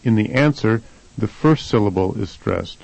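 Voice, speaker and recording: A man reading answers and sample dialogue lines for a scripted language lesson in a plain, even way. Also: lowish voice, normal speed, creaky, dry recording, rough recording. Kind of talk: scripted instructional narration.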